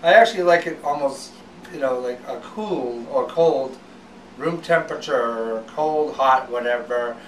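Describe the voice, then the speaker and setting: A man's voice: medium pitch, a little slow, a bit bright, far from the mic, slight background noise, rough recording. A man hosting a home cooking show, talking casually with fillers and restarts.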